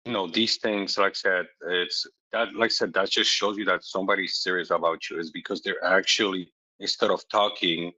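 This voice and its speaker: A man's voice: low voice, fairly even intonation, brisk, hardly any pauses, sharp tone, breathy edge. A man in casual chat giving blunt, straight-talking advice and teasing his partner. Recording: dull lo-fi sound.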